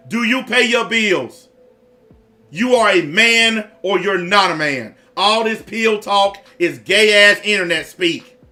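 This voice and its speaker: A man's voice: sits high, bright, forceful tone. A man giving blunt, profane reaction commentary in a repetitive rant.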